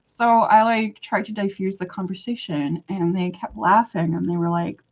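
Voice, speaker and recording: A young woman from western Canada telling a long personal story in a casual vlog, chatty and animated, acting out what people said. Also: medium pitch, normal speed. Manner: animated, chatty, full of "like" and quoted dialogue. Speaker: vlogger. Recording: dull lo-fi recording.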